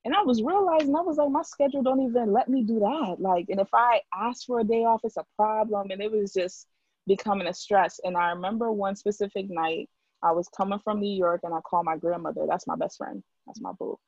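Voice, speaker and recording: A woman's voice: mid-range voice, fairly quick, a little mellow, dry recording, dull audio. A young woman talking in a casual chat, filling her speech with "like" as she tells her story. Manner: talkative, heavy use of "like". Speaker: guest.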